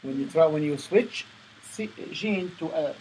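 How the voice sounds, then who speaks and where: A man coaching a student on stage presentations, speaking in halting phrases with many restarts. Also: on the high side, lively intonation, darkish tone, a little hiss or hum, poor audio. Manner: non-native phrasing, repeats and restarts. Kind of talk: coaching session.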